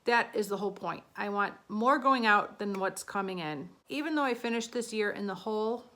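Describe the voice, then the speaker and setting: A woman's voice: medium pitch, moderate pace, fairly bright tone. A woman in her thirties talking casually to the camera as a beauty vlogger, chatty and a little flustered as she counts out her numbers.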